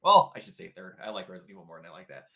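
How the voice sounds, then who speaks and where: A man with a bright, sharp voice talks games in casual podcast chat, his pitch swinging widely. He is enthusiastic and profane and often restarts sentences. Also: huge pitch swings, very fast. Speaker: podcast co-host.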